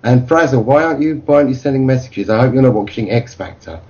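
A man's voice: medium pitch, lively intonation, quick pace, a little mellow, a little hiss or hum. A man co-hosting a football radio show, chatting in a jokey, rambling way. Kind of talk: casual fan radio chat. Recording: dull lo-fi sound.

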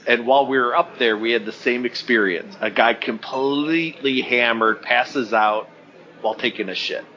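A man's voice: medium pitch, normal speed, bright, forceful tone. A man co-hosting a podcast, telling a story in casual chat and laughing along the way. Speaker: podcast co-host. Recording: dull lo-fi audio.

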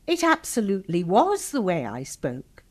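An older woman with an upper-class English accent and very precise, crisp diction, talking as an interview guest. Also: medium pitch, wildly swooping pitch, normal speed, darkish tone. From England. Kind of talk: conversational interview.

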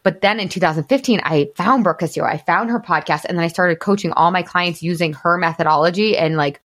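A woman's voice: on the low side, fast, fairly bright tone. A woman in her thirties, a podcast host and coach, telling her story in a candid, casual way with lots of "like" fillers and some swearing.

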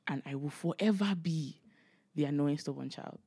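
A woman's voice: low-pitched, moderate pace, breathy edge, no room sound. A woman in her twenties from Nigeria, co-hosting a casual podcast and telling stories with lots of acted-out quotes. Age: 20s. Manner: chatty storyteller, acts out quotes loudly, laughs often. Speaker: podcast co-host. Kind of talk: casual chat.

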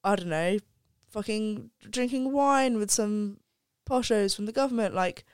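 Young woman, smooth dry voice. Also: medium pitch, unhurried, darkish tone, dry recording. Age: young adult. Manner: candid, swears freely, reflective. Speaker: podcast guest, undergraduate. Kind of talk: casual chat.

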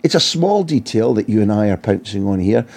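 Gravelly football journalist. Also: male voice, lowish voice, expressive, a little fast, a little mellow. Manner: vivid, anecdotal, with frequent restarts. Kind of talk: storytelling interview answers.

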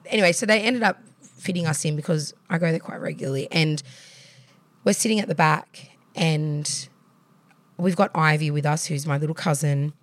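An Australian woman in her thirties hosts a casual podcast chat, her voice sitting a little low. She tells frank, rambling stories, swearing and laughing as she goes. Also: normal speed, no echo. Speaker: podcast host.

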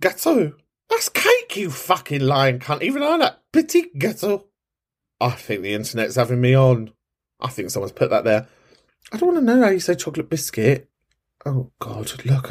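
A man's voice: a little mellow, husky. A man hosting a podcast, chatting casually and cheekily in response to listeners' voice notes, camp and sweary. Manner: camp, cheeky and sweary, with big swoops in pitch. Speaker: podcast host.

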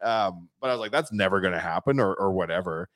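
A man's voice: low-pitched, fast talker, no room sound, clean studio sound. A man hosting a podcast, telling stories in casual chat and acting out quotes. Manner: animated storytelling with acted quotes. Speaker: podcast host. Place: studio.

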